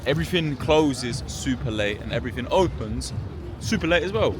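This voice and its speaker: A man from the UK, a gold trader and trading mentor, talking casually to camera in an excitable, slangy way and swearing freely. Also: mid-range voice, moderate pace. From United Kingdom. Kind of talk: casual vlog talk to camera. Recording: noisy background.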